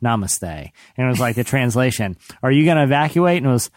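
A man's voice: mid-range voice, no echo. A man in his thirties hosting a casual podcast chat, joking around and stopping and restarting his sentences often. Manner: joking, with many halting restarts. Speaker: podcast host.

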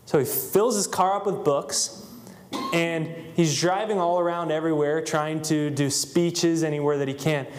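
A man's voice: on the high side, steady tone, moderate pace, a little hiss or hum. A man telling a story to a live audience in a loose style, with many fillers. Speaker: motivational speaker.

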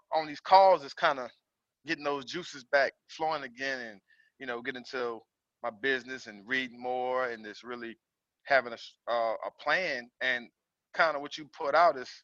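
An earnest man on a group call, speaking with a bright, forceful tone but hesitating and restarting as he talks. The line sounds dull and lo-fi, and the voice is close and dry. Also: medium pitch, dry recording. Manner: halting, many fillers and restarts, earnest. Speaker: caller on the call. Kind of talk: casual share on a call. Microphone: video call.

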